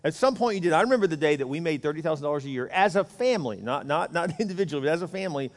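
A man's voice: a little high, animated, very fast. A man pastor giving a conversational, joking sermon full of rhetorical questions. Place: church sanctuary. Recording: church hall reverb.

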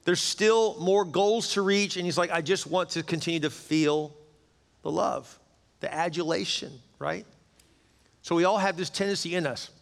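Earnest pastor in a reverberant church. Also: male voice, a little high. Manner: earnest, urging the congregation to act. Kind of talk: sermon. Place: large church auditorium. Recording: hall reverb in a big church.

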